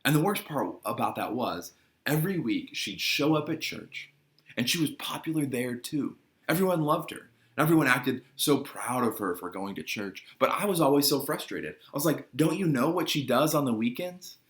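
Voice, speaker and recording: A man's voice: mid-range voice, expressive, moderate pace, fairly bright tone. A man giving a conversational sermon to young people, earnest and asking his listeners questions. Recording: roomy echoing room.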